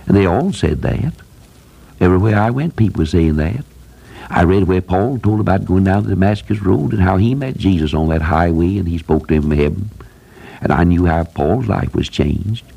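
A man's voice: sits low, lively intonation, a little fast, gravelly, warm tone, breathy edge. An older man preaching an earnest radio sermon, building to emphatic repeated phrases. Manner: earnest, rising to emphatic repetition.

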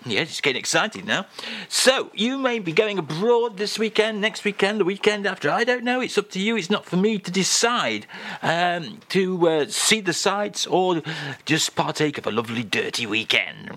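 A man's voice: sits high, very animated, bright, forceful tone. Jokey radio host man. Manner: playful, rambling, jokey patter with quick asides. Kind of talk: comic radio banter.

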